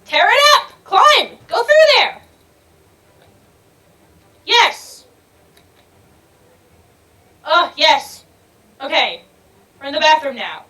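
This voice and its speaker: Excitable high-voiced young woman gamer. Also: drawn-out words, pauses often. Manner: excitable, swears freely, yells and laughs at the game. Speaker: gaming video creator. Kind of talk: let's-play gameplay commentary.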